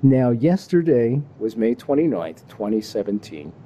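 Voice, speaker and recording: A Canadian man hosts a laid-back talk show, talking to his listeners in a folksy, animated way. His voice is deep in tone, very dark and mellow. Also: a little slow, a little hiss or hum. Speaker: show host. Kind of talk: relaxed talk show hosting. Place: Kingston, Ontario.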